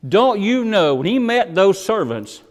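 A man's voice: sing-song, unhurried. A man preaching a sermon, dramatically voicing the people he quotes. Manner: dramatic, voices quoted characters with swings in pitch and volume. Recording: long hall reverb.

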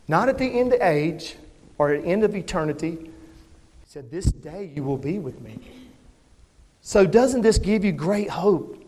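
Pastor, male, higher voice, emphatic sermon delivery, church with long reverb. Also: a little mellow. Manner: earnest, emphatic, asks the congregation questions.

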